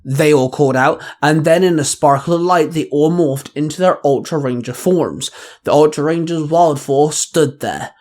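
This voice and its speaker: A man reading his own fan fiction aloud as host of the show. He reads at a measured pace and slows down for titles. His voice sits a little higher than most men's. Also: darkish tone.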